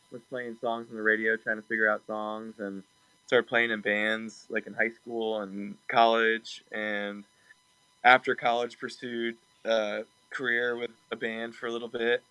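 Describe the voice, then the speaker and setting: A man's voice: mid-range voice, sharp tone, clean tone, no room sound, low-quality recording. A man being interviewed over a video call, talking casually and hesitantly with many ums and restarts. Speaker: production assistant and music producer.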